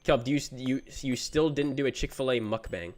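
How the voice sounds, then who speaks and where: A man's voice: medium pitch, brisk. A young man chatting casually on a gaming livestream, reading chat messages aloud and answering them in a laid-back, slangy way. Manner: slangy, says "bro" often. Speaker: gaming streamer.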